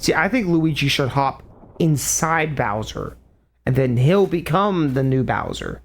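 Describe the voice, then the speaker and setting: A man streaming a video game with casual, excitable commentary and sudden swearing outbursts. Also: on the high side, a little slow, soft background music. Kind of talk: casual live gameplay commentary.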